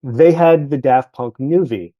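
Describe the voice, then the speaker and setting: A man's voice: medium pitch, measured pace, no echo, muffled recording. A man, chatting casually as a podcast guest about his travels, rambling and correcting himself as he goes.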